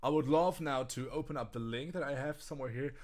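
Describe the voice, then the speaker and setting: A man's voice: mid-range voice, fast. A man with a German accent co-hosting a casual live stream about guitar gear, talking with many restarts and stammers. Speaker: co-host.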